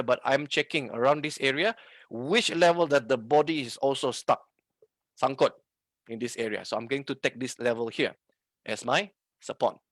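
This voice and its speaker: A man's voice: fairly high pitch, fairly bright tone, no room sound. A man with a Malaysian English accent teaching a live online trading lesson, mixing in Malay and often checking in with his viewers. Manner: code-switching, asks the audience questions often. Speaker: trading instructor.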